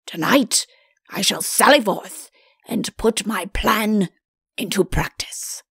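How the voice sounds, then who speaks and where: A woman's voice: medium pitch, slow, vocal fry, fairly bright tone, breathy edge, no echo, studio quality, heavily acted. A woman voicing a vain, good-natured male king in a storybook reading. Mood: self-important.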